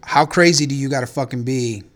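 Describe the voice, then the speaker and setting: A man's voice: mid-range voice, a little fast, fairly bright tone. A man hosting a podcast in casual chat, ranting in a profane, incredulous way about strange news stories. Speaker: podcast host.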